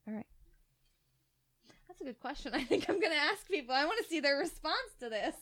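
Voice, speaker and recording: A woman's voice: high voice, big pitch swings, fairly quick, a bit bright, no echo. A woman co-hosting a casual podcast, rambling through strange stories and trivia, giggling and swearing freely. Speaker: podcast co-host.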